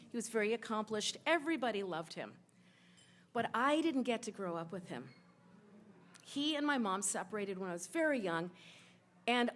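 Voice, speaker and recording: A woman in her forties telling a true personal story on stage, emotional, rushing through some parts and slowing way down on others. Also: fairly high pitch. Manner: emotional, quick bursts of telling with sudden slowdowns. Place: stage at a live event in a sports bar.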